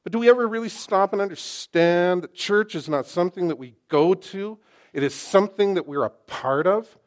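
Impassioned preacher with a higher voice. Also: male voice, normal speed. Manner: impassioned, rhetorical questions, swings from loud to hushed. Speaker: pastor. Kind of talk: sermon. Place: church sanctuary.

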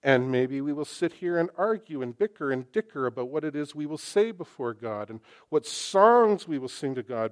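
A man preaching a sermon to his congregation, impassioned and full of rhetorical questions, swinging from loud to hushed. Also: mid-range voice, animated, normal speed, few pauses. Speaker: pastor. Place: church sanctuary.

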